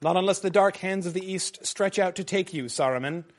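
A stern, commanding wizard's speech, read aloud in a fairly high tone and declaimed firmly, as a male teacher reads it to his class. The manner is simple dramatic read-aloud rather than full acting. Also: fairly quick, lightly acted.

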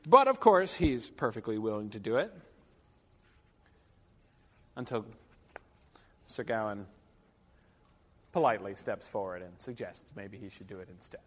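A man's voice: lowish voice, normal speed, pauses often, a bit bright. A man lecturing a class, rambling with many fillers and wry asides. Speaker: literature lecturer. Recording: long reverb of a lecture hall.

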